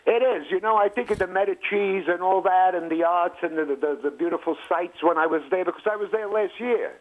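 New caller on a tinny phone line. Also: male voice, high voice, brisk. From New York. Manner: blunt, joking, talks over the host. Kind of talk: call-in radio chat.

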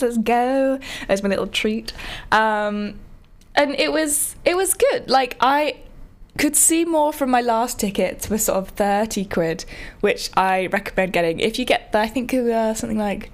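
A young woman talks through a ballet review in a loose, casual way. She chats and rambles, trails off into ums, and restarts her sentences often. Her voice sits at a middling pitch for a woman. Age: young adult. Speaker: podcast host and theatre reviewer.

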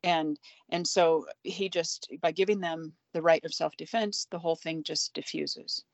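A woman with a slightly low voice explains scripture confidently in a relaxed discussion. Her delivery is clear and assured, and the recording is dry with no room sound. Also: a little slow, no echo. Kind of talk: casual Bible study discussion.

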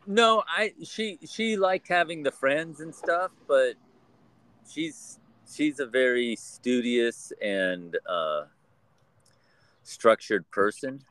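A middle-aged man talking casually on a podcast as co-host, halting and often restarting his phrases. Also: mid-range voice, fairly bright tone, no room sound. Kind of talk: casual chat.

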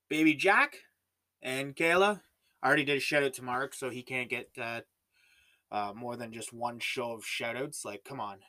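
A young Canadian man with a fairly bright, somewhat high voice and a Canadian accent hosts a solo podcast. His delivery is casual and rambling, with many fillers and restarts.

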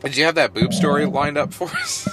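A man's voice: a little high, wildly swooping pitch, a little fast, background noise. A man co-hosting a podcast in casual chat, reacting and joking. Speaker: podcast co-host.

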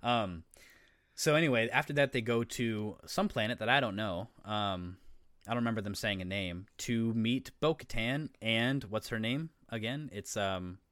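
Male podcast co-host, low-ish voice, rambling and profane, dry studio sound. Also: normal speed, a bit bright, dry recording. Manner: rambling, swears casually, explains eagerly. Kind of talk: casual chat.

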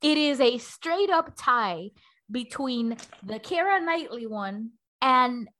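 A woman co-hosting a casual movie review chat, animated and profane, switching between English and Spanish. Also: fairly high pitch, slow pace.

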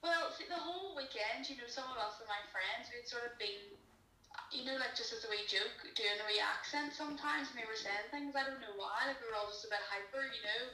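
A woman's voice: a little high, fairly quick, pushed and bright. A Northern Irish woman calling in to a radio show, chatty and self-deprecating as she tells an embarrassing story. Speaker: caller. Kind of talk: casual chat as a phoned-in guest. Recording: distant, echoey phone call.

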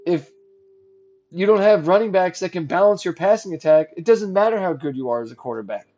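A young man with a high voice hosts a solo sports podcast. He rants with biting sarcasm and swears freely, swinging between low grumbles and loud, heated outbursts. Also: lively intonation, brisk, highs cut off. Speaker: podcast host.

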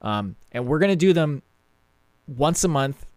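Young male podcast host, casual and animated, lively pitch, dry mic. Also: measured pace, dry recording. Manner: animated, laughs often, wraps up the show.

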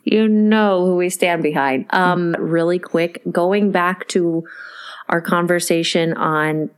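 A woman's voice: lowish voice, slow pace, clear, resonant tone. A woman co-hosting a podcast in casual chat, a mother telling stories and acting out the quotes. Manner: animated storyteller, acts out quotes. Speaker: podcast co-host.

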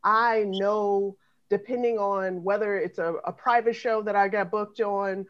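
A woman comedian and sketch writer in a panel discussion, speaking in a measured, thoughtful way. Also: mid-range voice, steady tone, muffled recording.

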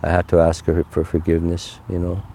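A man's voice: deep voice, completely flat delivery, mellow, a little hiss or hum. An older man, telling his own faith testimony in an earnest, heartfelt way. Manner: earnest, heartfelt, unhurried storytelling. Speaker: interview guest.

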